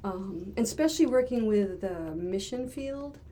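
An older woman, a retired therapist, speaking as a guest in a casual interview and often pausing and repeating words as she gathers her thoughts. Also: mid-range voice, lively intonation, mellow, a little hiss or hum.

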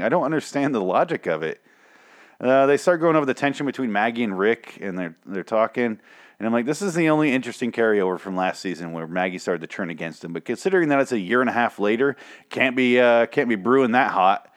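A man's voice: medium pitch, very animated, fairly quick. A young man hosting a solo review podcast, profane and sarcastic, his voice weak and strained. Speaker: podcast host. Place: home room with dogs. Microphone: desk microphone.

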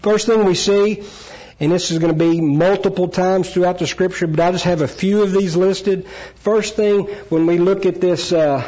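A man's voice: high voice, steady tone, mellow. Earnest preacher man, dull lo-fi recording. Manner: earnest, emphatic, with self-corrections and pauses. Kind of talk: Bible teaching sermon.

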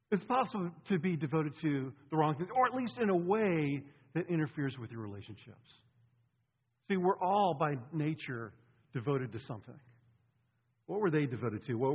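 Husky-voiced pastor in a reverberant hall. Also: male voice, on the high side. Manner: conversational, with asides to the congregation. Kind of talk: sermon. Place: church sanctuary. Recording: lo-fi recording with long hall reverb.

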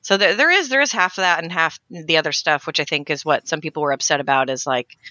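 A woman's voice: low voice, fast, pushed and bright, no echo, lo-fi sound. A woman co-hosting a casual podcast chat, chatty and filling her talk with like and you know. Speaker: podcast co-host.

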